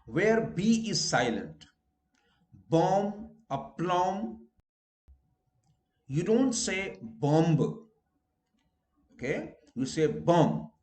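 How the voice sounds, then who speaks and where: A man from India with an Indian English accent, teaching a recorded pronunciation lesson and drawing out each example word slowly and deliberately. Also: high-pitched, big pitch swings, echoey room.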